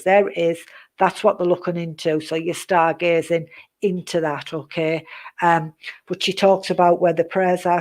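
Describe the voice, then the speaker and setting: A middle-aged woman giving a live psychic reading, repeating herself and checking in with "okay?" in a reassuring way. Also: fairly low pitch. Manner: repetitive, reassuring, tags phrases with "okay?". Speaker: psychic medium.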